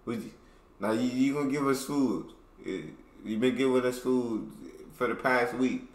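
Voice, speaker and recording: A man voicing a flock of pushy, hungry cockatoos demanding their food, talking loud and slangy. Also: medium pitch, steady tone, measured pace, voice pushed up, close to an everyday voice. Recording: roomy room, faint background noise.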